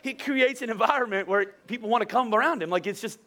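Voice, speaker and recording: A man's voice: very high voice, fast, fairly bright tone, a faint crowd. A pastor giving a casual, conversational sermon, joking, laughing often and repeating words as he talks.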